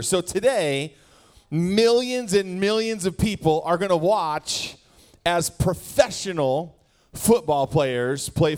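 A man in his forties from Wisconsin, giving a playful sermon as guest speaker and joking straight with the crowd in a church hall. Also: a little high. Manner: jokey, animated, talks straight to the crowd.

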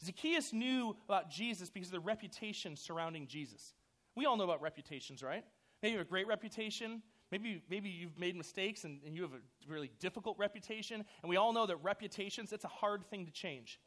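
A man preaching a casual, animated sermon to a youth group, full of "like" and "you know". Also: high voice, fairly quick. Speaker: youth pastor.

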